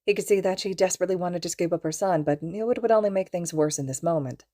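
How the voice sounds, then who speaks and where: A woman reading a fan fiction audiobook aloud in a calm, even storytelling manner. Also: fairly low pitch, fast talker. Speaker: podfic reader.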